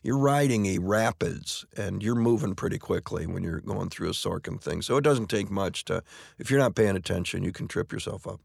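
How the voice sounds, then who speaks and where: Gravelly low-voiced man, interview. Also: normal speed, no echo, studio quality. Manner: relaxed, anecdotal, frequent restarts and stammered repeats. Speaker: stage actor being interviewed. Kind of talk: conversational interview.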